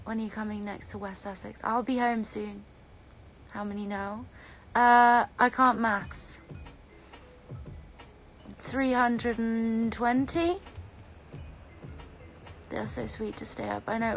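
A young woman from the UK chatting on a phone livestream, bubbly and excitable, reading out viewers' comments. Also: on the high side, slow, gravelly, pauses often, soft background music. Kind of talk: casual live stream chat.

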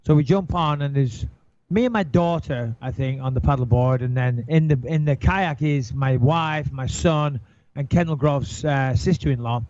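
A man in an interview telling a story in a casual way. He is animated, swears a lot and acts out his own panicked thoughts. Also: medium pitch, normal speed. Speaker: interview guest. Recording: dull, dry recording.

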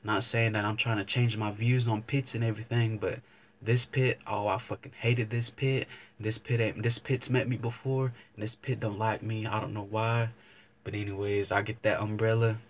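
A man's voice: fairly low pitch, flat delivery, moderate pace, slight background noise. A young man vlogging, telling a casual story to camera, rambling and swearing, often circling back with "but anyways.". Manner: rambling, profane, keeps saying "but anyways".

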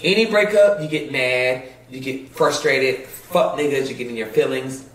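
A man delivering a heated, profane rant to camera, swinging to low mutters. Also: moderate pace, a bit bright. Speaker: vlogger in clip. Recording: echoey room, distant mic.

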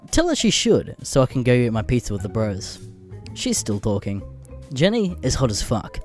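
A man narrating comedic internet stories with crude, deadpan asides, a little under the weather. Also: mid-range voice. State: a bit sick.

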